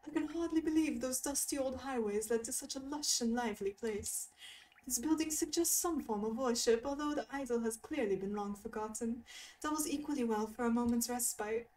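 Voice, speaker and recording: A woman's voice: on the high side, brisk, darkish tone, recorded from a distance, lightly acted. A woman doing a posh polite male wanderer. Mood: courteous. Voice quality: posh British-style delivery. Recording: voice a bit off-mic over game music. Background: game music.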